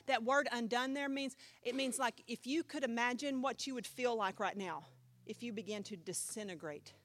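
A woman pastor teaching a Bible class in a chatty, animated way, often asking the class questions. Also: on the high side, moderate pace.

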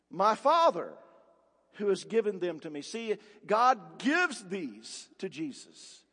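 The preacher here is a man whose voice sits high with a fairly bright tone. Emphatic, he fires off rhetorical questions and repeats words for force, and the recording carries the long reverb of a big church sanctuary.

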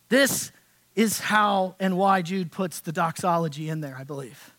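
A man pastor preaching a conversational sermon in a church, dropping to hushed tones and rising to loud, emphatic passages. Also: high-pitched, unhurried. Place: church sanctuary.

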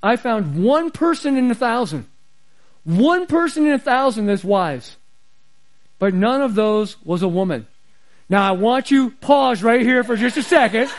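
A man with a very high voice delivers a sermon. He preaches in a conversational way and leans hard on the scripture he reads out. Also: expressive, measured pace. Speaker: pastor.

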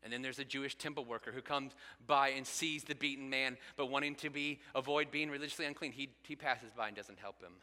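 Earnest pastor preaching in a reverberant hall. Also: male voice, mid-range voice, brisk, hardly any pauses, bright, forceful tone. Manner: earnest, builds to emphatic peaks. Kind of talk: sermon.

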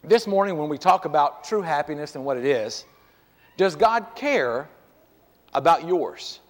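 Male pastor with a high voice, chatty sermon full of rhetorical questions, church reverb. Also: expressive, unhurried. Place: church sanctuary.

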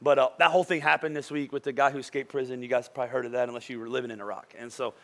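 A man in his thirties preaching a sermon as pastor, telling stories in an animated way and often tossing "right?" to the congregation. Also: mid-range voice, very fast, creaky. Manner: animated storytelling, frequent "right?" asides.

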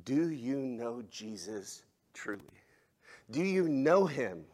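A male pastor preaching a sermon, swinging between loud, emphatic exhortation and hushed, soft passages. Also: medium pitch, very animated, takes it slowly.

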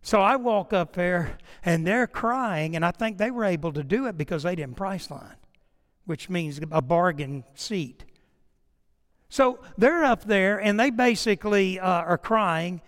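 A man's voice: sits high, measured pace, fairly bright tone, in a large hall. A middle-aged man preaching a sermon, a pastor who tells a story with energy and acts out prayers and conversations.

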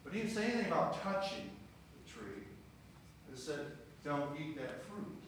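On the high side and fairly bright, this man's animated voice moves at a normal pace through a sermon with scripture reading. He chats with the congregation and asks them questions, while the recording is very echoey and distant with faint room noise.

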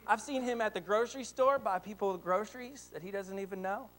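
A high-pitched male preacher in his thirties delivers a sermon full of family anecdotes. He tells his stories with animated energy and lively swings in volume. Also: a little fast. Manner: animated storytelling, rising to excited shouts. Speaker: pastor.

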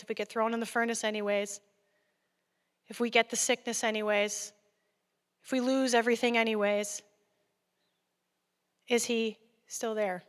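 A woman preaching a guest sermon in an earnest, conversational way. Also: on the high side. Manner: earnest, conversational, laughing at times. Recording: long hall reverb.

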